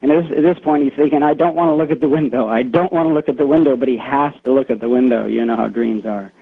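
A male caller on a radio show tells a secondhand eerie story over a tinny phone line, rambling with lots of fillers. His medium-pitched voice is fast, creaky and has a breathy edge.

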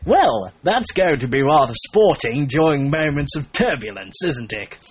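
A man voicing a prim, posh London woman in a slow, haughty put-on posh English accent. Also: fairly high pitch, animated, slightly rough, pitched above the performer's own voice.

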